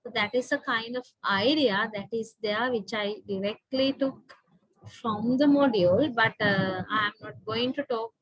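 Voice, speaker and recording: Sri Lankan woman lecturer, fairly high voice, dry close sound, patient and explanatory, keeps asking "right?". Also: normal speed, slightly rough, no echo, low-quality recording. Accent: Sri Lankan English. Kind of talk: online university lecture.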